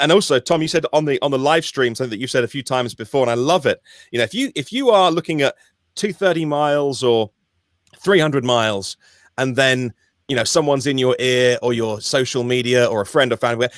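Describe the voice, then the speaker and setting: A man, co-hosting a podcast in casual chat, talking in an animated, emphatic way with frequent restarts. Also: medium pitch, dry recording, studio quality. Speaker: podcast co-host.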